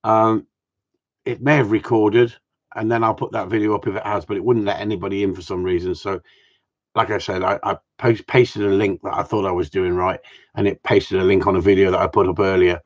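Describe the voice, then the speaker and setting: A man's voice: fairly low pitch, level tone, brisk. A man with a chatty, joking manner, hosting a casual live stream for his followers. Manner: jokey, chatty, greets viewers by name. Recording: dull lo-fi stream audio.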